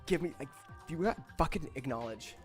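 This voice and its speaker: A woman's voice: low voice, lively intonation, a little fast, faint music behind. Woman muttering profane gaming commentary. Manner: profane, hyped, muttering to herself. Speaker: gaming streamer. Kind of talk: casual let's-play commentary. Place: home at night, speaking quietly.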